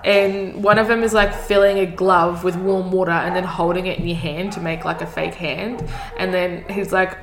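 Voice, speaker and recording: A woman from Australia co-hosting a casual chat podcast, an animated storyteller who laughs often. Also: lowish voice, a little fast, reverberant. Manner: animated storyteller, acts out funny voices with laughs. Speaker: podcast co-host.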